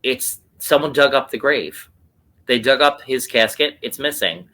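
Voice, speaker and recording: A man with a bright, forceful voice co-hosts a casual recap podcast. He walks through scenes step by step and slips into quoting the characters' lines as he goes. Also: medium pitch, animated, a little slow. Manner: retells scenes, acting out lines in quotes. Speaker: podcast co-host.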